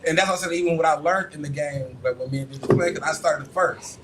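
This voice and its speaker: A man's voice: fairly high pitch, quick pace, noisy background. A man co-hosting a podcast, chatting casually and rambling about video games, with lots of fillers like "like" and "you know what I'm saying". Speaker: podcast co-host.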